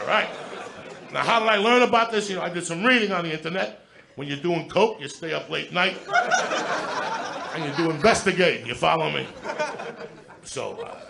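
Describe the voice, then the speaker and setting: A middle-aged man with a heavily gravelly, rough-edged voice, spinning a profane, animated story at mid pitch. He speaks into a handheld mic on a comedy club stage. A crowd laughs clearly in the background. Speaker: stand-up comedian. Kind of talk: live stand-up storytelling. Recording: live club with audience laughter. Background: audience laughter.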